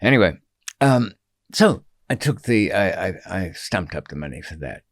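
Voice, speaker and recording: A man's voice: low-pitched, sing-song, moderate pace. A man who is a podcast guest, telling a long story in an interview in a rambling, digressive way, with many ums and wry asides.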